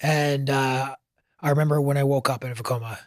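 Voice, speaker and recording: This clean studio clip features a Canadian man, a firefighter guest, recounting his experience in a relaxed interview. He speaks briskly at a medium pitch with a steady tone, earnest and emotional, occasionally getting choked up, and there's no room sound at all.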